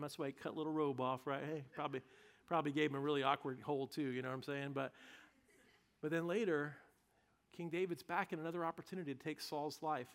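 A man preaching a sermon, telling a story with vivid drama and humorous asides. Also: fairly high pitch. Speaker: pastor.

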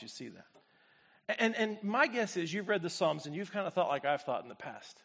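High-voiced pastor preaching with dramatic swings. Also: male voice, big pitch swings, normal speed, gravelly, slightly rough. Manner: swings from quiet, low reflection to loud, high exclamation; speaks to the congregation directly, asks for responses. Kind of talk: sermon.

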